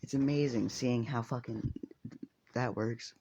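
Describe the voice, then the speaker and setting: A man's voice: medium pitch, fairly even intonation, a little slow, mellow, lo-fi sound, slight background noise. A man casually telling a fan story, rambling with lots of fillers and swearing.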